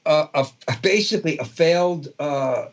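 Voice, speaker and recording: Older man, Brooklyn accent, rambling storyteller, fairly high voice, dull lo-fi sound. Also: moderate pace. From Brooklyn, New York. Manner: rambling, many fillers and restarts. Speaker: guest guitarist. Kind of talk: casual storytelling interview.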